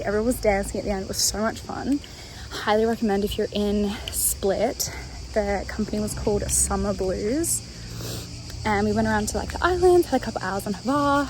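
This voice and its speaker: A woman's voice: on the high side, noisy background. A young Australian woman vlogging casually on her phone, chatty and bubbly, a bit stuffy with a runny nose. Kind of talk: casual travel vlog. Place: outdoors at night, walking home.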